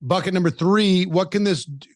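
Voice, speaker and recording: Guy trainer, kinda high voice, direct, teaching, dry sound, restarts a lot. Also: normal speed, a little mellow, no echo. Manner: direct, instructive, restarts mid-sentence. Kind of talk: business training talk.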